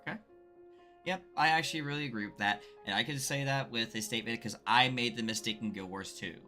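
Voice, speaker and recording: A man's voice: mid-range voice, fast, pushed and bright, soft background music. A man hosting a casual streamed interview about a game, upbeat and rambling, with many fillers. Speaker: host.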